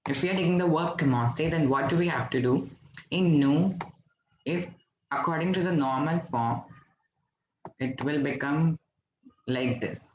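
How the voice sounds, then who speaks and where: A man's voice: on the high side, moderate pace, long pauses, slight background noise. A man from India teaching a French lesson to an online class, patiently explaining step by step and quizzing his students. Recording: roomy, dull lo-fi recording.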